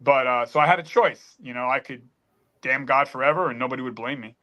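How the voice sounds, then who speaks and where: A man's voice: medium pitch, brisk, pushed and bright. A middle-aged man telling a painful personal story on a panel, earnest and emphatic, choked up at times. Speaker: panel guest.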